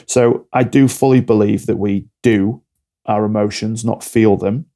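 A man's voice: on the low side, fairly even intonation, a little slow, warm tone. A man talking bluntly and directly as a coach being interviewed on a podcast. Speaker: alcohol-free coach, podcast guest.

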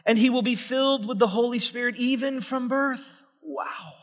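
A male pastor preaching a sermon in a church sanctuary, emphatic and swinging from hushed to loud. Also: very high-pitched, steady tone, normal speed. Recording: long reverb of a large church hall.

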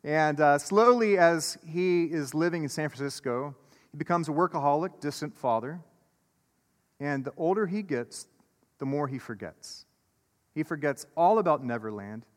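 A pastor with a fairly high voice delivers a sermon, earnest and insistent as he stacks repeated phrases. He drops easily into relaxed, friendly chatter with the people in front of him. The sound rings with the long reverb of a church sanctuary. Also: normal speed. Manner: earnest preaching with repeated phrases, turning casual and chatty with the congregation. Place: church sanctuary before a congregation. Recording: echoey church hall.

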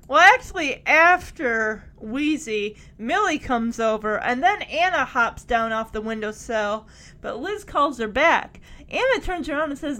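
A chatty woman walks through an episode scene by scene, slipping into the characters' lines as she goes. Her voice sits high, and her delivery stays lively and informal. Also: unhurried. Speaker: show recap vlogger. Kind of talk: casual episode recap.

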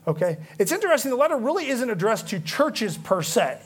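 A man teaches through a Bible passage in a relaxed, explanatory way. His voice sits fairly high, and he keeps stopping to check that his listeners are following. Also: fairly quick, slightly rough. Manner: conversational, explanatory, frequent "okay?" check-ins.

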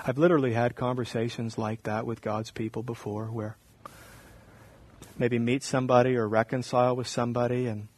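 A man, a pastor, preaching a sermon, shifting from quiet reflective teaching to loud mocking mimicry. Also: medium pitch, level tone, a little fast.

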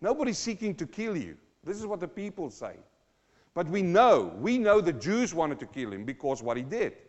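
Speaking a little high with wide pitch swings and a moderate pace, this pastor teaches the Bible verse by verse. He acts out the scripture voices dramatically, building intensity as he goes, captured in dull lo-fi audio with long hall echo.

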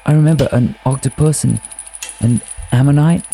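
A man's voice: medium pitch, normal speed, gravelly, dark tone, slight background noise, voice pushed up, natural voice. A man voicing a young woman doctor who speaks in an urgent, questioning way. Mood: worried. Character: anxious young woman doctor, lost in the dark.

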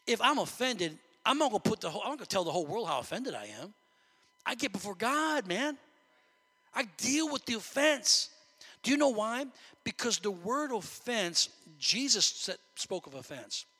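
A man preaching in a church sanctuary with a high, bright voice. His delivery is animated and climbs toward near shouts at its peaks. The sound carries the long reverb of a large hall. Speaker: pastor. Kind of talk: sermon.

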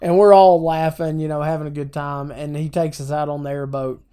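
Female podcast co-host, low and mellow, a loose storyteller who curses. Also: flat delivery, fairly quick, clean tone. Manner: swears freely, tells stories with acted quotes. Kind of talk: casual chat.

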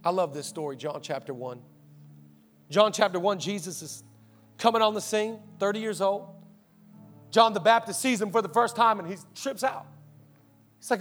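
A male pastor preaching an energetic sermon, telling stories and rousing the congregation with call-outs. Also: high-pitched, moderate pace, soft background music. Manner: animated storytelling, rousing the church with call-outs. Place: church auditorium.

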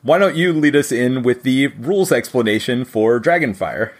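A man's voice: medium pitch, lively intonation, normal speed. A man hosting a board game podcast, opening the show and steering the conversation in a friendly, wry way. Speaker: podcast host. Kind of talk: casual podcast chat.

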